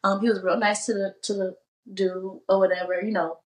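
A woman's voice: mid-range voice, level tone, fairly quick, far from the mic. A young woman co-hosting a casual chat, telling laid-back, slangy, rambling anecdotes. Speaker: podcast co-host. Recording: echoey room, voice off-mic.

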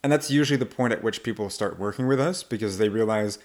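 A man's voice: fairly low pitch, quick pace, hardly any pauses. A man working as an English accent coach, explaining and demonstrating pronunciation in a casual podcast conversation.

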